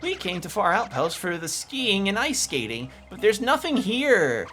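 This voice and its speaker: A man voicing three complaining female travelers in a video game, in a high, whiny sing-song. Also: big pitch swings, normal speed, bright, forceful tone, a little hiss or hum, exaggerated voice.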